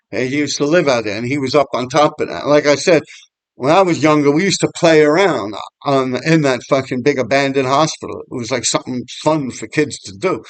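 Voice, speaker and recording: A man's voice: fairly high pitch, dry recording. A middle-aged man telling old graffiti stories in a rambling, profane, laughing way. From New York City. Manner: swears a lot, rambling, laughs often. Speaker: graffiti writer vlogger. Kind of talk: casual storytelling. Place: outdoors on a walking path.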